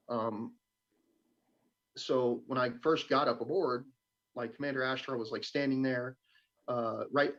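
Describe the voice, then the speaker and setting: A young man, a guest on a live stream, casually telling a story, swearing a lot and acting out the voices he quotes. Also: medium pitch. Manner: profane, animated, acts out quoted voices. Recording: dull lo-fi stream audio.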